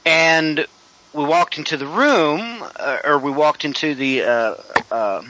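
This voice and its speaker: A middle-aged man, a home builder, telling a personal story in an interview, rambling with many drawn-out "uh" fillers. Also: fairly high pitch, animated, sharp tone, poor audio.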